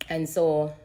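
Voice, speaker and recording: Her voice sits low, husky and a little mellow, as this woman gives an earnest testimony on a phone live stream for social media. Emotion runs through it; she repeats herself and struggles not to cry.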